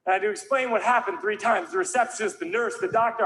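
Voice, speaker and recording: A man doing a stand-up comedy routine, telling a rambling story and breaking into sudden shouted yelps. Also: high-pitched, fast talker. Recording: played back from a stand-up clip.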